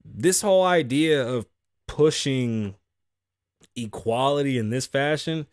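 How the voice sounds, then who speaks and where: A man's voice: medium pitch, slow pace, no room sound, studio quality. Blunt, profane young man host. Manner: blunt, profane, riffs on stories with acted quotes. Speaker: podcast host. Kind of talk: casual commentary, reading news stories aloud.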